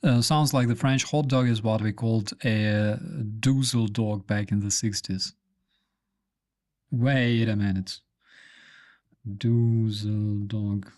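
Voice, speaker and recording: A man's voice: on the low side, fairly even intonation, moderate pace, few pauses, a little mellow. A man hosting a live stream, rambling casually with many fillers and restarts.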